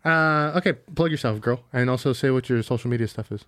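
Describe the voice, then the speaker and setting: A man's voice: medium pitch, quick pace, fairly bright tone, no echo. Joking man hosting a podcast, dry sound. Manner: joking, teasing, swears casually. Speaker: podcast host. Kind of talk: casual podcast chat. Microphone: podcast microphone.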